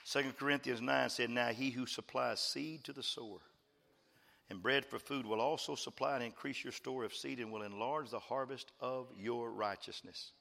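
A man preaching a fervent sermon as pastor, repeating phrases and swinging from quiet asides to loud praise. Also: mid-range voice, fairly even intonation, moderate pace, gravelly, long reverb tail. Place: church.

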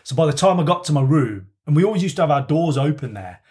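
A man's voice: fairly high pitch, big pitch swings, quick pace, a little mellow. A man telling a long, rambling story in casual podcast banter, swearing freely.

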